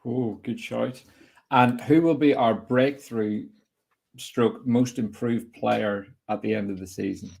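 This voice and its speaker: A young man hosting a casual football podcast, chatty and opinionated, putting quick-fire questions to his guest. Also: medium pitch, fairly even intonation, gravelly, a little mellow, husky. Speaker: host.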